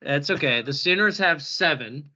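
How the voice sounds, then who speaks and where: A man's voice: on the high side, expressive, moderate pace, bright, forceful tone, lo-fi sound, a little hiss or hum. A man hosting a podcast in casual chat, joking and laughing often as he talks. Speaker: podcast host.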